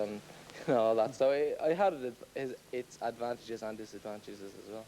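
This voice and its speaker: A man's voice: lowish voice, normal speed, hardly any pauses, warm tone, a little hiss or hum, low-quality recording. A man answering a question on a TV studio show, hesitant and plain-spoken, with lots of ums. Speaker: rock drummer answering an audience question. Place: TV studio with an audience.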